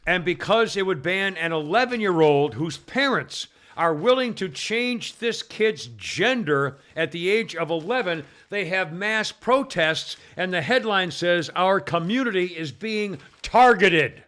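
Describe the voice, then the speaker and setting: A man hosts a casual talk show, talking bluntly and laughing often. His voice is bright and forceful, pitched a little high for a man. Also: lively intonation, unhurried, hardly any pauses.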